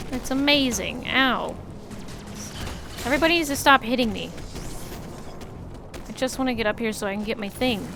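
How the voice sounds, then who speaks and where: A young woman streaming a video game, chatting casually with her viewers, swearing at the game and greeting people loudly. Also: fairly high pitch. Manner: chatty, swears, loud excited greetings to chat.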